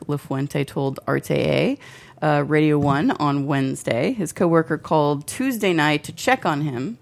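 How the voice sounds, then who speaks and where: A woman's voice: deep voice, a little slow, creaky. A tipsy woman co-hosting a casual chat show, reading out a news story and laughing often as she rambles. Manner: laughs often, loose and rambling after drinking. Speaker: podcast co-host.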